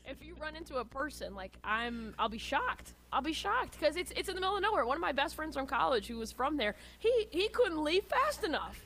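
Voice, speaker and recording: Chatty blunt woman, bright voice. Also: high-pitched, sing-song, brisk, hardly any pauses, slight background noise. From Northwest Indiana area. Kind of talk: casual sports talk.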